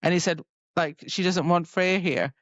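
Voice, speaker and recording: A woman's voice: fairly low pitch, moderate pace, dry recording. Woman podcast co-host on a slightly muffled, dry mic; recaps scenes in loose, filler-filled chat. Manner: retells scenes with many "like"s, quoting characters. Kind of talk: casual book discussion.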